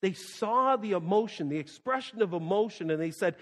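Male pastor, slightly high voice, impassioned sermon delivery with loud-to-hushed swings, long reverb. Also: animated, moderate pace, few pauses. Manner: repeats phrases for emphasis.

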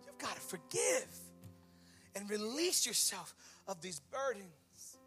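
A male pastor in his thirties preaching a sermon with stories, impassioned and swinging from loud to hushed. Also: sits high, sing-song, slow, faint music behind. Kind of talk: sermon with storytelling.

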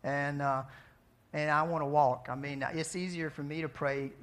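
A man preaching a sermon in a conversational way, asking his listeners questions and swinging between soft, quiet passages and emphatic outbursts. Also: on the high side, fairly even intonation, moderate pace. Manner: conversational, asks the audience questions. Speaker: pastor.

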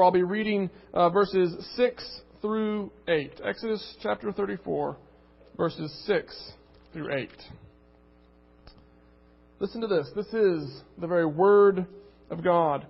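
A man preaching a sermon and reading scripture aloud, earnest and emphatic, repeating words as he builds a point. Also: high voice. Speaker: pastor. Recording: muffled recording with long reverb.

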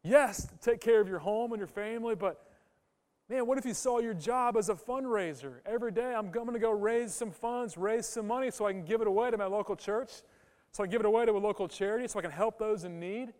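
A male pastor with a high, smooth voice delivers an emphatic sermon. He keeps putting questions to his congregation. His words ring out with a long reverb through a church hall. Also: brisk, a little mellow. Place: church sanctuary.

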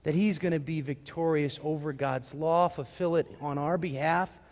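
A man's voice: fairly high pitch, steady tone, normal speed, a little mellow, long reverb tail. A man preaching a sermon as pastor, putting questions to the congregation and answering them himself. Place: church sanctuary.

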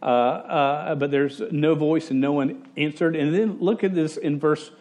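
This male pastor's sermon unfolds as loose, conversational storytelling: he cracks jokes, interrupts and restarts his own sentences, and briefly imitates the people he quotes. For a man, his voice sits slightly high and a little mellow, and he takes an unhurried pace.

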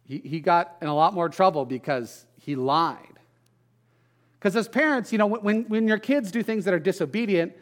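A middle-aged pastor preaching in a conversational way, mixing scripture with folksy family stories and self-deprecating asides. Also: male voice, sits high, normal speed. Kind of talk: conversational sermon.

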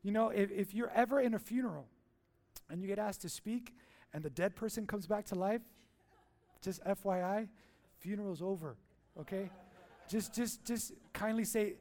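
A man's voice: high-pitched, normal speed, pauses often, darkish tone. A man preaching a sermon as pastor in a church, playful and jokey, asking the crowd questions and answering them.

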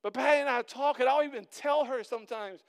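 A middle-aged man preaching a sermon as pastor, conversational and earnest, building to loud emphatic peaks. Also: extremely high pitch, fast talker, smooth.

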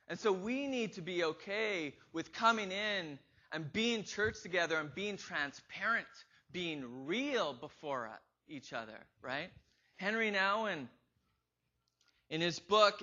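High-voiced man preaching a sermon. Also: sharp tone. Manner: conversational, asks the congregation questions; acts out quoted inner voices with rising emphasis. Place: church. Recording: slightly dull lo-fi recording.

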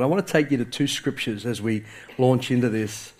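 A man's voice: medium pitch, moderate pace, darkish tone, slight background noise. A male pastor preaching a sermon to a congregation, with impassioned emphasis that rises and falls. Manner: impassioned, rising and falling emphasis. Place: church sanctuary with congregation.

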